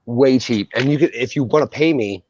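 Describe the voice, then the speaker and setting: A man's voice: mid-range voice, brisk, a little mellow, highs cut off, slight background noise. Brash, profane man chatting. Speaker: coin channel co-host. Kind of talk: casual livestream chat.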